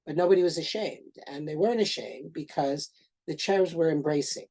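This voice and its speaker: Animated lecturing man, full of restarts. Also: fairly high pitch, a little fast, vocal fry, low-quality recording. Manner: animated, many fillers and restarts, asks "right?". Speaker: professor giving a lecture. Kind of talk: informal lecture storytelling.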